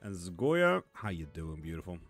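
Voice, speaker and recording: A man's voice: sits low, very animated, moderate pace, faint music behind. A man hosting a live tarot stream, chatting casually and bluntly as he answers viewers by name. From Sweden. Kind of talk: casual live-stream chat reading comments. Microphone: streaming mic.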